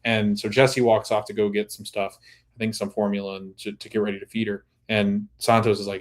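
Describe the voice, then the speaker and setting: Lowish-voiced man rambling through a recap. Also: level tone, brisk. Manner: rambling, full of restarts and "like", laughs at times. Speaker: podcast host. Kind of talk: casual episode recap.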